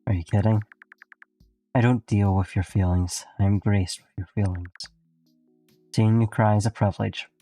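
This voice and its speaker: Man voicing a doting theatrical friend, lower voice, grand and affectionate, visual novel, dry. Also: steady tone, moderate pace, pauses often, mellow, no room sound, soft background music. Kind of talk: reading a visual novel aloud.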